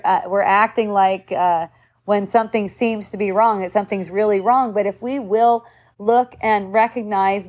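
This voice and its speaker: A middle-aged woman giving a casual spiritual talk, musing and conversational, sometimes acting out the voices she quotes. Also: medium pitch. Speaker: spiritual teacher.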